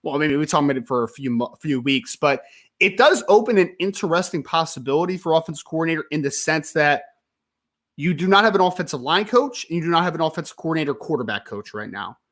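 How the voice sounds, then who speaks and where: A young man hosts a live sports talk stream, emphatic and visibly frustrated. His pitch rises and falls widely as he pushes his points. He keeps talking casually and directly to his viewers. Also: fast. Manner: frustrated, emphatic, ranting then calming. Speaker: sports podcast host.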